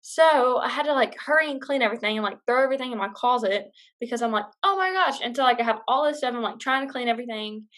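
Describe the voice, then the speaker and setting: A woman's voice: a little high, fast talker, few pauses, fairly bright tone. A young woman vlogger casually telling a personal story, chatty and full of fillers. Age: young adult.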